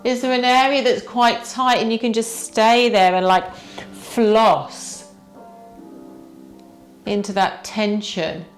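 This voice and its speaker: A woman teacher guiding a yoga warm-up, gently asking the listener what they feel in the body. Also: a little high, fairly even intonation, soft background music. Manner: slow, gentle, inviting questions to the listener. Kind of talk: guided yoga class instruction.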